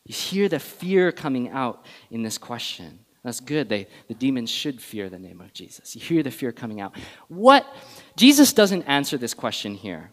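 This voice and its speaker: A man preaching a sermon in a church, animated and conversational, putting questions to the congregation. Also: medium pitch, moderate pace. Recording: long reverb of a large hall.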